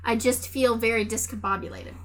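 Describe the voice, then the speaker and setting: A woman's voice: a little high, fairly even intonation, a little fast. A woman co-hosting a podcast, teasing her co-host in an exasperated tone and hesitating often as she gathers her thoughts. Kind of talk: casual chat, film review. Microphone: remote recording, separate room from co-host.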